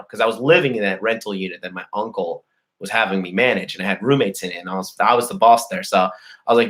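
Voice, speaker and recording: A man's voice: on the low side, fast, a bit bright. Profane, boastful man telling a story. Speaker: host. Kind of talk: casual storytelling to a live chat.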